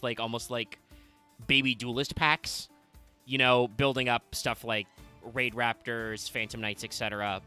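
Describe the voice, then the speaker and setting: A man co-hosting a live card game stream, with a bright, forceful voice and a playful, rambling way of explaining things. Faint music plays under his talk. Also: medium pitch. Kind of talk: casual stream chat with a joking pirate voice.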